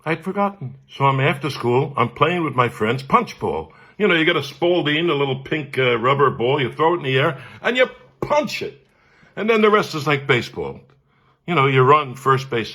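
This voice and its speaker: Animated older New storyteller man. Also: medium pitch. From Brooklyn, New York. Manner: animated, laughs often, acts out voices. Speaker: cantor. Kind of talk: humorous personal storytelling.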